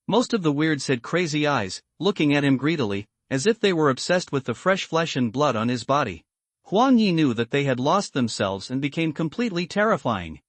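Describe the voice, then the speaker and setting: A man reading a scripted comic story recap in a slow, measured way. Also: on the high side, dry recording. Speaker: recap narrator.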